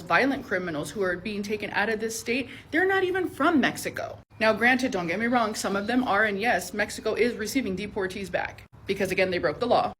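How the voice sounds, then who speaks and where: A woman's voice: a little high, a bit bright, slight background noise. Indignant woman with rhetorical questions. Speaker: commentator. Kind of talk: reaction commentary.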